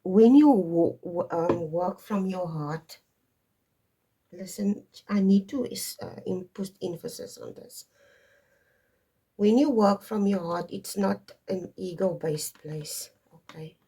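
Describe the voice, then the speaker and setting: This tarot reader has a warm, husky voice on the low side and speaks slowly. Reading tarot and astrology casually for viewers, she digresses often and stops to stress what matters.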